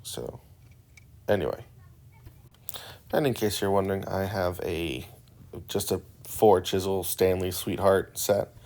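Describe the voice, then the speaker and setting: A man narrating a woodworking build in a relaxed, rambling voice-over, joking and poking fun at himself. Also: sits low, slow, gravelly, pauses often. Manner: joking and self-deprecating; relaxed and rambling with filler words. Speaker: woodworking channel host.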